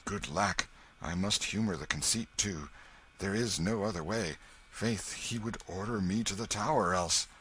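A man's voice: low-pitched, measured pace, fairly bright tone, slight background noise. A man voicing a tall, kindly knight in an audiobook, speaking in a cheery, bluff old-fashioned way. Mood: wry.

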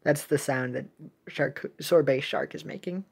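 A woman's voice: low voice, measured pace, creaky, a little mellow, breathy edge. A woman hosting a game video who chats casually about the cutscenes, musing and trailing off with ums.

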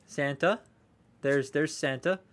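Man, young adult, slightly high voice, casual live-stream unboxing, rambling, swears, reads viewer comments. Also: slow.

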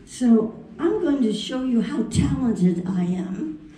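A woman's voice: on the high side, expressive, slow, warm tone. An older woman, a voice actress, telling playful, theatrical anecdotes to a convention audience. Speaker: voice actress at a fan convention panel. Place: large convention hall. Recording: echoey hall, mic from far off, faint noise.

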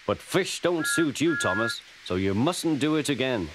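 A man's voice: medium pitch, sing-song, moderate pace, background noise, close to an everyday voice. A man voicing a pompous, portly male railway boss in a children's story, speaking with stern authority.

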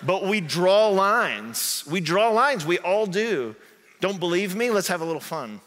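Very animated yet unhurried, this southern Indiana pastor has a high, fairly bright voice. He gives a conversational sermon in the church sanctuary, frequently throwing in "right?", with echo from the hall.

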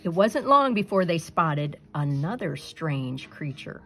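A woman's voice: on the low side, lively intonation, measured pace, few pauses, fairly bright tone, faint music behind, poor audio. Woman reading a picture book aloud. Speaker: storybook reader.

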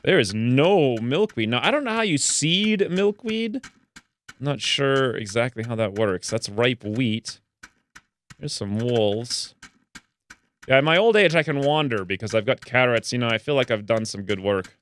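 A man chatting casually while playing a video game, excitable and chatty, his voice jumping up high when something delights him, with a slightly stuffy nose. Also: a little slow. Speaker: let's play gamer. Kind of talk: casual gameplay commentary.

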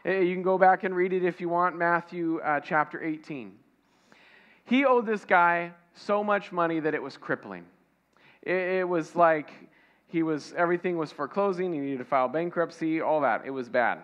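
A man's voice: fairly high pitch, a bit bright, lo-fi sound. A man preaching a conversational sermon, asking the congregation questions and acting out little dialogues. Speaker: pastor.

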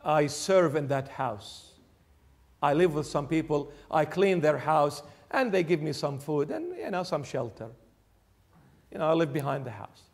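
A lonely elderly widow, humble and sorrowful, as a preacher acts her out in his sermon story. She speaks in a soft, lowered, subdued voice that still sits fairly high. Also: lively intonation, measured pace, gravelly.

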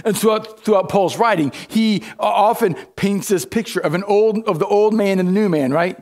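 A man's voice: high voice, moderate pace, darkish tone. A man preaching a sermon in a church, emphatic, often repeating words and restarting. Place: church sanctuary.

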